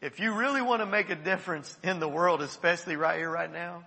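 A man's voice: sits high, fairly quick, vocal fry, bright, forceful tone. An older man, a pastor, preaching a sermon in a conversational, candid way with laughs and asides. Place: church. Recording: long reverb of a church hall.

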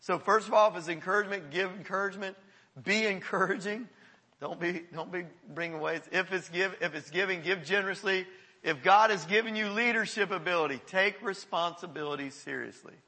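A man leads a church service as pastor, his voice a touch high and strikingly bright. He preaches in an earnest, encouraging way and laughs often along the way. The sound carries a long reverb from the hall around him. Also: fairly quick, breathy edge. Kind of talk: sermon. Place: church service before a congregation.

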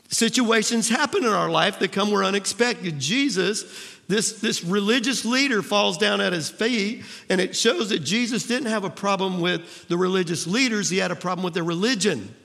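A man's voice: high-pitched, pushed and bright, big-room sound. A male pastor preaching conversationally, acting out the people in his story. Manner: conversational preaching, acts out voices. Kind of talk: sermon.

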